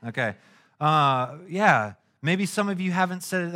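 A middle-aged man preaching a casual, conversational sermon, animated and slangy, acting out little stories as he goes. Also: a little high, measured pace. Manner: animated and casual, with slangy asides and acted-out anecdotes. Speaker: pastor.

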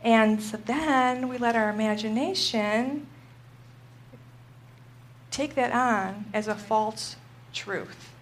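A middle-aged woman teaching a Christian group, telling a personal story in an animated way and acting out her own panic. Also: a little high, slow, long pauses, slight background noise.

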